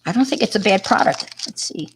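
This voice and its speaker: A woman's voice: mid-range voice, expressive, brisk, a little hiss or hum. A middle-aged woman with a New York accent, chatting casually with viewers on a crafting livestream and greeting them by name.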